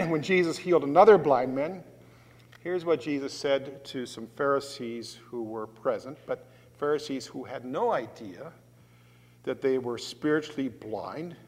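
A man preaching a sermon as a pastor, deliberate and emphatic, swelling loud on key words, in a church. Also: mid-range voice. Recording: long reverb of a large hall.

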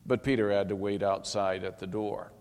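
A man reading a Bible passage aloud in a steady, solemn manner. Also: fairly low pitch, moderate pace. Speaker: scripture reader. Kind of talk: scripted Bible narration. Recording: long hall reverb.

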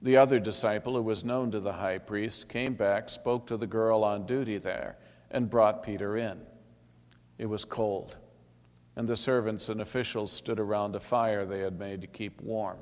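A man reading a Bible passage aloud in a steady, solemn manner. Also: fairly low pitch, moderate pace. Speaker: scripture reader. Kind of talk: scripted Bible narration. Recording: long hall reverb.

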